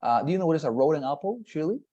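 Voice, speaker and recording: This English tutor's voice is fairly high-pitched with lively intonation and a dark tone, heard through lo-fi audio. Patiently teaching a one-on-one online lesson by video call, he explains slowly, often restarting and using fillers.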